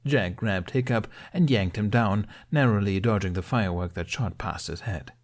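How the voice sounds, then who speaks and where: A man narrating a fan fiction audiobook in a lively storytelling manner. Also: on the low side, moderate pace. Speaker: podfic reader.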